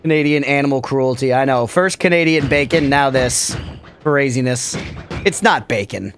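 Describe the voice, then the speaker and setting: A man's voice: medium pitch, normal speed, a bit bright, slight background noise. A man streaming a video game, chatting casually and joking as he answers his chat. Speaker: gaming streamer. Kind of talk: casual live-stream chat over gameplay.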